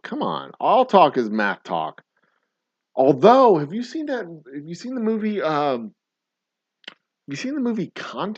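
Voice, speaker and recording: A man's voice: medium pitch, darkish tone, no room sound, dull audio. A middle-aged man hosting a casual trivia livestream, rambling and swearing in mock-grumpy rants. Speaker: trivia game host.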